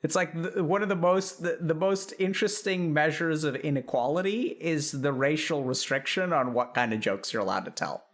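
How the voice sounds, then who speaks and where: A man's voice: on the high side, normal speed, few pauses. A middle-aged man, a doctor, chatting casually on a live stream, thinking aloud and reading out chat with frequent restarts.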